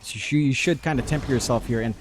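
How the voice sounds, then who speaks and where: A man's voice: medium pitch, fast talker, a little hiss or hum. A man casting a pro video game match, playful and reading chat messages aloud between play-by-play. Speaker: esports caster. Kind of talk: esports commentary.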